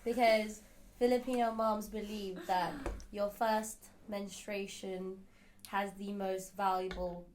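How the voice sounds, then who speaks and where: A young woman who grew up in Ireland, chatting casually and telling an animated story about her family. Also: medium pitch, slow, slight background noise. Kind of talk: casual chat.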